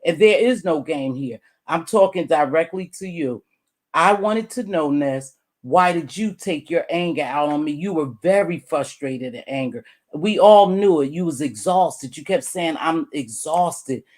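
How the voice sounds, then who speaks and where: Brief: middle-aged woman vlogger, blunt and animated, voice jumps high and loud to press a point, drops "baby" and curse words. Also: a little slow. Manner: calls the listener "baby", curses freely. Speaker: YouTube commentator. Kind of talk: direct-address commentary vlog.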